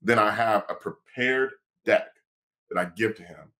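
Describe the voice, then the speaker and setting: A man, a sports agent and lawyer, telling a story on a podcast in a casual, animated way and acting out the quoted dialogue. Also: lowish voice, a little slow.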